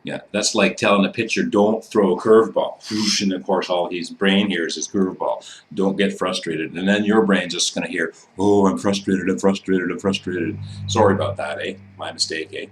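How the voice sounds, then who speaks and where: Low-voiced man teaching casually. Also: fairly even intonation, moderate pace, hardly any pauses, slight background noise. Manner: loose and profane, tags sentences with "eh". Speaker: instructor. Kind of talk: casual instructional talk.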